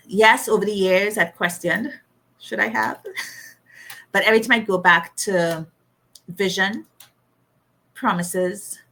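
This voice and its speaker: A middle-aged woman with a lowish voice shares a personal story as a guest in an interview. She's animated, laughs often, and performs the voices of the people she quotes.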